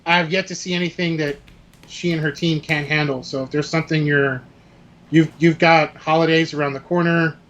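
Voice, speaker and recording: Male co-host, relaxed, slightly higher voice, casual chat. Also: a little fast, dull audio. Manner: laid-back, reads sponsor plug loosely. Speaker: podcast co-host.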